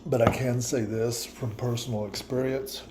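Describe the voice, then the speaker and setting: A man's voice: mid-range voice, level tone, moderate pace, noisy background. A man vlogging a reflective personal monologue, musing and repeating himself, with laughs at his own words.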